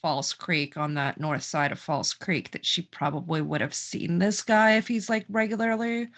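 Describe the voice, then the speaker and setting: A woman's voice: deep voice, fairly even intonation, moderate pace, fairly bright tone. A woman playing a tabletop role-playing game, reasoning aloud and asking the storyteller about details. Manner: reasoning aloud, thoughtful questions. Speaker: player. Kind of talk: casual tabletop play.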